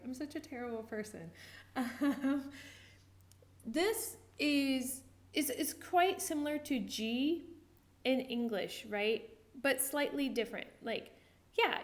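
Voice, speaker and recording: A woman giving a casual pronunciation lesson, chatty and self-interrupting, repeating sounds slowly to demonstrate them. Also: on the high side. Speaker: language learner teaching pronunciation.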